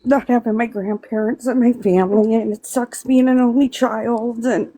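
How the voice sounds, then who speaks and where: A middle-aged woman from Pennsylvania, a live stream host, talking in a rambling, halting way and close to tears. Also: a little high, fairly even intonation, warm tone, slight background noise. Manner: rambling, halting, tearful, many restarts. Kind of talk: emotional casual chat.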